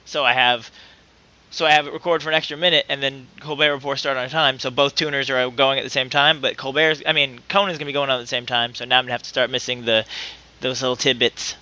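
A man's voice: mid-range voice, steady tone, quick pace, bright, forceful tone, dull audio. A man co-hosting a podcast in casual chat, joking and laughing often. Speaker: podcast co-host.

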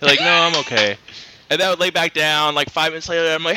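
Among friends, a man casually tells rambling stories, laughing often and acting out what people said. His voice is fairly high and quick, with background noise.

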